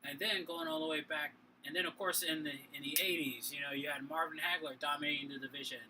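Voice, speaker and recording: A man's voice: a little high, fairly even intonation, fast, noisy background. A tipsy man with a Boston accent co-hosting a casual sports talk show, rambling with many fillers and restarts. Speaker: podcast co-host.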